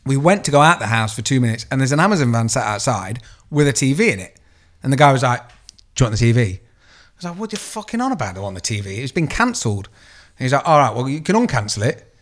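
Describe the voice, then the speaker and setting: A man co-hosting a podcast, telling a story in a sweary, animated way. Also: medium pitch, fast talker. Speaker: co-host. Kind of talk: casual podcast chat.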